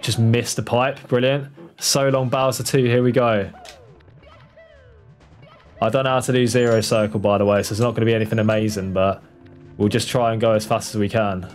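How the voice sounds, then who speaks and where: A speedrun streamer talks in a fairly low voice, briskly but with frequent pauses, over soft background music. He's excitable during this live gameplay commentary, chatting with viewers, urging his character on and swearing when things get tense.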